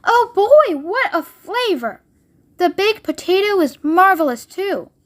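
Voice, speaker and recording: A spoiled, bossy girl from a storybook, gushing over her food in a very high, piercing voice, put on by a woman reading aloud. She sounds obstinate and greedy. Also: very animated, unhurried, full character voice. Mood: greedy delight.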